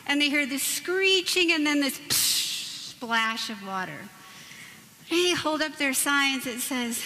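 Speaking unhurriedly in a high, bright, forceful voice, a Catholic speaker in her forties entertains a church hall audience with stories, jokes, and playful asides. The sound is reverberant, with a little background noise.

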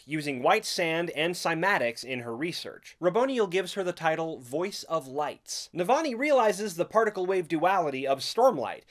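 A man narrating a brisk scripted book recap as host, with playful asides. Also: on the high side.

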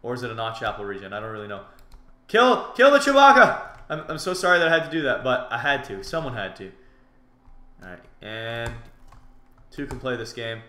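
A man giving jokey, excitable commentary over his own gameplay, muttering through menus and shouting in fights. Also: mid-range voice, brisk, reverberant. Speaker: gaming commentator. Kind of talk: live game commentary.

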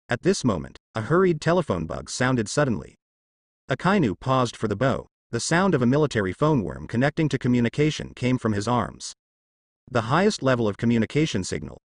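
A man narrating fan fiction as an audiobook in a steady storytelling manner. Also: medium pitch, dry recording, studio quality.

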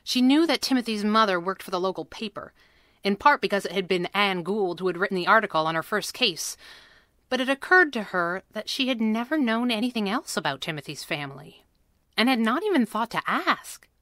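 A woman reading a children's chapter book aloud with expressive, measured storytelling. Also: medium pitch, no echo, clean studio sound. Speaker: audiobook reader. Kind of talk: scripted storybook narration.

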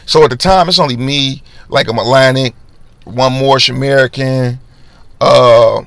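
A man hosting a podcast, casually telling a personal story in slangy, animated talk and acting out the voices of people in it. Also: mid-range voice, measured pace, gravelly, dry recording.

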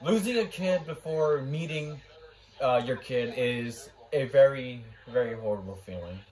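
A young man hosting a live race watch-along, shouting and cheering at the finish, then turning quiet and emotional, close to tears. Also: medium pitch, a little slow. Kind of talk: live race reaction chat.

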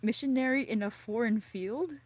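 Woman friend, giggly and teasing, slightly high and very lively, dry close mic. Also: moderate pace, no room sound. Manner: giggly, teasing, lots of exclamations. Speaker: friend on stream. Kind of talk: casual chat. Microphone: own microphone.

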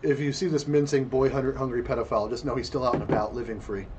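A man's voice: medium pitch, flat delivery, fast talker, noisy background. A man co-hosting a casual podcast discussion, talking in a blunt, crude and rambling way. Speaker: podcast co-host.

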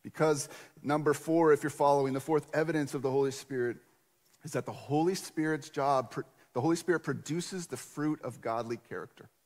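A man preaching a sermon in a conversational, animated storytelling way. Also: on the high side, a little fast. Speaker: pastor. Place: church sanctuary. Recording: long church reverb.

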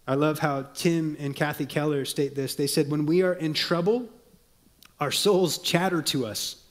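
A man preaching a sermon, earnest and measured, dropping to soft low tones to press a point and reading quotations aloud. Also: fairly even intonation. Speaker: pastor.

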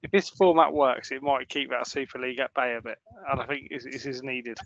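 A man's voice: mid-range voice, fairly even intonation, fairly quick, creaky, a bit bright, no room sound. A man chatting as a podcast co-host, upbeat and enthusiastic. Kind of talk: casual chat. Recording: dull lo-fi sound.

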